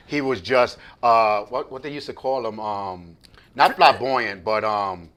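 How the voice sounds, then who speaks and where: A man hosting a relaxed sit-down interview. He talks loosely and rambles a bit, filling pauses with soft asides as he leads into his next question. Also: fairly low pitch. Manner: laid-back, rambling, with many fillers and soft asides. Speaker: interview host. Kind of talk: casual interview.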